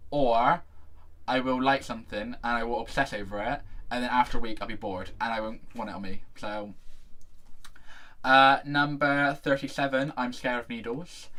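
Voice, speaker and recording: A man's voice: medium pitch, a bit bright. Chatty young English man vlogging. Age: young adult. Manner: chatty, camp, jokey asides. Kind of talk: casual to-camera vlog.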